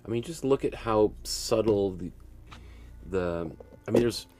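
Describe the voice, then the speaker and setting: A middle-aged man giving a relaxed painting lesson, thinking aloud as he works, rambling with restarts and soft laughs. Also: fairly low pitch, measured pace. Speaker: art teacher.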